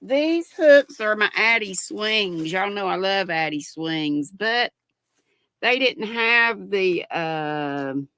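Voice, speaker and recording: A woman's voice: medium pitch, animated, slow pace, fairly bright tone, clean tone, no echo. An older woman, hosting a casual live-stream chat and reading viewer comments aloud in a chatty, affectionate way. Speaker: host.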